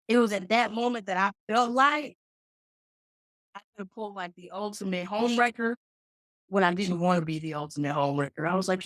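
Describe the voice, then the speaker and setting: A woman's voice: mid-range voice, a little fast, dry recording, poor audio. Joking woman in her thirties from Dallas. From Dallas, Texas. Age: 30s. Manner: joking, animated storyteller with playful asides. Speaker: guest, comedian and flight attendant. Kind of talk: casual storytelling interview. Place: remote call.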